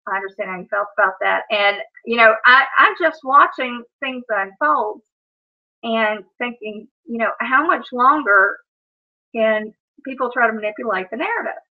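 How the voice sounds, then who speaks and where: A woman's voice: fairly high pitch, moderate pace. Chatty woman vlogger, lo-fi sound. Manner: chatty, frequent "you know" and self-restarts, laughs between words. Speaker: YouTube vlogger on a live stream. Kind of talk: casual rambling chat to viewers. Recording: dull lo-fi audio.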